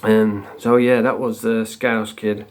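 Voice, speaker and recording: A man's voice: on the low side, level tone, slow pace. Rambling man telling prison stories. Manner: rambling, swearing, laughs at own stories; acts out quotes with shouts. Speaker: vlogger. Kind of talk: casual storytelling.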